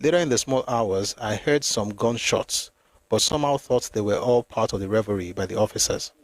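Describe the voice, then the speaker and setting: A man's voice: on the low side, dry recording. A man reading from a memoir aloud for a history channel, stopping now and then to comment and reread a passage. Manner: reads steadily, pauses to comment and reread.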